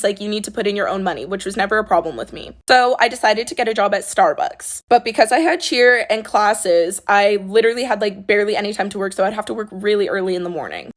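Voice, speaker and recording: A young woman telling a casual storytime about a rude customer at her old coffee shop job, blunt and sassy, swearing freely. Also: medium pitch. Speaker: former coffee shop worker.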